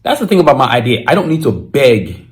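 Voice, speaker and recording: Excited man hosting a casual podcast. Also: mid-range voice, fast talker. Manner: excited, emphatic, with many restarts and slang. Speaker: podcast host. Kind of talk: casual solo podcast monologue.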